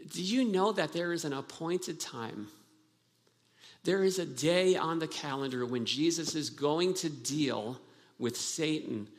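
A man's voice: on the high side, a bit bright. A pastor preaching a sermon, earnest and emphatic, often restarting his phrases. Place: church sanctuary. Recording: long hall reverb from a church.

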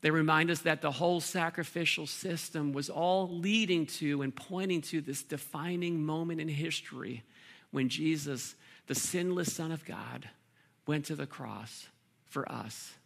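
A man preaching a sermon as pastor, earnest, with pauses and repeated words. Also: fairly high pitch, vocal fry, fairly bright tone.

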